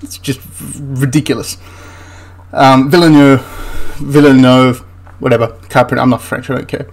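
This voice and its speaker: A man's voice: mid-range voice, flat delivery, fast talker, vocal fry, breathy edge. A man hosting a history channel, ranting through a film critique in an exasperated, rambling way with frequent restarts.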